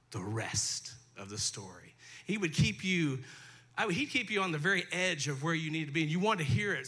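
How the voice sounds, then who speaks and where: A man's voice: high voice, pushed and bright. A male pastor preaching a sermon in a folksy, conversational way, talking directly to his congregation, his throat dry. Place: church sanctuary.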